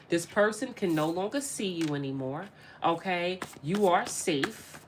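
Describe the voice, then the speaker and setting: A woman's voice: lowish voice, lively intonation, a little slow, a little hiss or hum. A woman giving a casual spiritual tarot reading straight to her viewers, emphatic and repeating her phrases as she addresses them directly. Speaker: tarot reader.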